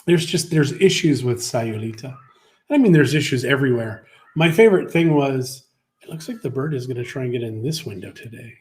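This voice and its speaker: A man's voice: mid-range voice, animated, fairly quick, darkish tone. Middle-aged guy rambling on a morning stream, lots of restarts, just chatting. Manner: rambling anecdotes with many restarts. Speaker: co-host of a livestream show. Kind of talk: casual chat.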